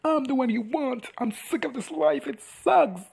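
Shrill begging young man, desperate, voice pitched way up , a reactor doing a bit. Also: animated, moderate pace, gravelly, darkish tone, breathy edge, heavily acted, rough recording. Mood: pleading.

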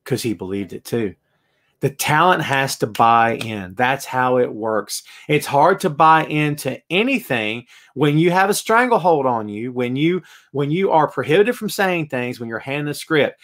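Excitable man ranting on a show. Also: fairly high pitch, normal speed. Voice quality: animated, excitable, ranting delivery. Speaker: wrestling podcast host. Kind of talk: live show, reading chat comments.

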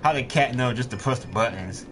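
A man's voice: mid-range voice, a little fast, noisy background. A man streaming a game, chatting casually and joking, swearing freely and talking to the screen. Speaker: gaming streamer. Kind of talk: casual let's-play commentary. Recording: game music loud behind the voice. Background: game music.

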